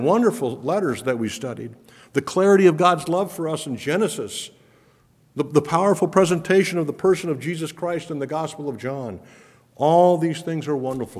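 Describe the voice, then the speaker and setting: Man, pastor, earnest emphatic sermon, mid-pitched voice, long hall reverb. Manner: earnest, emphatic preaching with swells of wonder.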